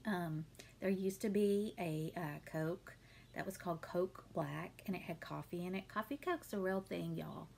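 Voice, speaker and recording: Chatty woman with a gravelly edge. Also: lowish voice, measured pace, slight background noise. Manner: chatty, warm-hearted, many ums and laughs. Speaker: beauty vlogger answering viewer questions. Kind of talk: casual Q&A chat. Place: home.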